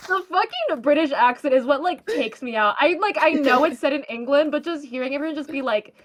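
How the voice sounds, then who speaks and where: A woman co-hosting a casual podcast chat while gaming, animated and swearing freely as she acts out her reactions. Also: sits high, fairly quick. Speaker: podcast co-host.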